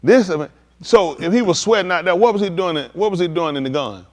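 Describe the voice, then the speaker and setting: A man's voice: high voice, fast talker, a little mellow. A man preaching at a livestreamed scripture teaching, emphatic and slangy, firing rhetorical questions at his listeners. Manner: slangy street talk.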